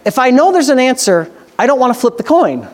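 High-voiced preacher, rising to excited. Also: male voice. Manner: swings from slow scripture reading to loud excited preaching. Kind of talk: sermon.

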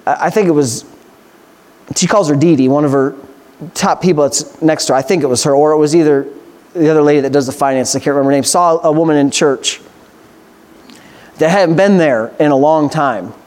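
A man's voice: a little high, brisk, long pauses, darkish tone. A man, a pastor, preaching a sermon with passionate, repetitive emphasis.

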